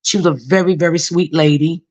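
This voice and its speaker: A woman's voice: on the low side, fairly even intonation, fairly quick, a little mellow. Woman telling her story, lots of fillers. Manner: repeats herself, many fillers, addresses viewers as "y'all". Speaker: author talking to viewers. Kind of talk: casual personal storytelling.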